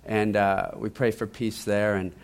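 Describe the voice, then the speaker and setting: A man preaching, telling a testimony in a lively storytelling way and often repeating his words as he goes. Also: on the low side, unhurried, creaky. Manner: animated storytelling, acts out quoted voices, repeats words.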